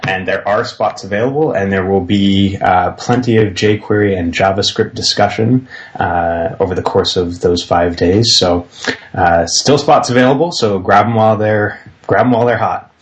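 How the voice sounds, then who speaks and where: A man with a low voice makes upbeat announcements on a casual podcast. He pauses often on fillers as he goes. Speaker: podcast regular.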